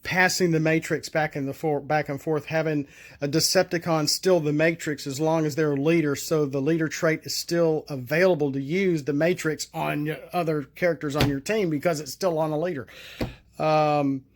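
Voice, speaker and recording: A man talks through his homemade card game tests in a loose, thinking-aloud way. He stumbles, restarts and fills pauses with ums. His voice sits a bit higher than most men's. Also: fairly even intonation. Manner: halting, many fillers and restarts, thinks aloud. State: recovering from a coughing fit. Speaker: solo card game tester and vlogger. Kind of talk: casual rambling talk to camera.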